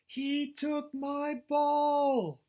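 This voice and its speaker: A man voicing an excitable little pig in a children's storybook, crying out in loud, drawn-out calls. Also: exaggerated voice. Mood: wailing. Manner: shrill, loud, drawn-out cries. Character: excitable little pig, upset over lost ball.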